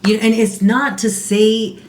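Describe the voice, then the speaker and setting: A woman's voice: on the high side, steady tone, slow pace. A woman co-hosting a podcast, telling her own story in an earnest, confessional way with many restarts. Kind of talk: casual podcast conversation. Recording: roomy echo.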